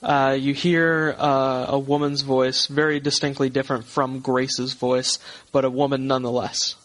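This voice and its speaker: A man's voice: medium pitch, level tone, a bit bright, low-quality recording. Guy running a horror tabletop game over a call, lots of uh and restarts. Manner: halting, many fillers and restarts. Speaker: game master.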